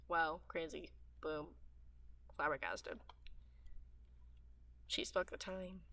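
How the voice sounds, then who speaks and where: A woman's voice: low voice, fairly even intonation, takes it slowly, pauses often, a bit bright, a little hiss or hum. A teenage girl chatting aimlessly while she plays a game, with a dry, sore throat and audible lip smacks between her rambling, restart-filled sentences. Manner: chatty and meandering, with frequent fillers and trailing restarts. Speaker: gaming streamer. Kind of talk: rambling gameplay chat.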